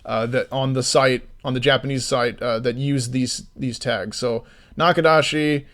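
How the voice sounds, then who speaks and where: A man in casual livestream chat who swears freely and rants through his stories. His voice sits at an ordinary middle pitch, and he shifts easily into explaining things. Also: moderate pace. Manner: swears freely, animated ranting storyteller; slides into explanatory commentary. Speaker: indie game developer streaming.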